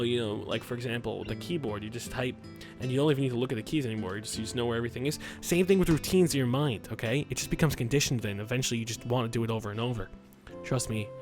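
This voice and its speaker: A man hosting a let's play, reading a visual novel aloud with crude, rambling joking asides. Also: mid-range voice.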